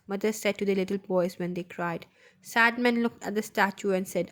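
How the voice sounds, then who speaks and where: A woman's voice: mid-range voice, fairly even intonation, normal speed, a bit bright. A woman reading a children's story aloud as a voice-over, carefully and with small slips and restarts.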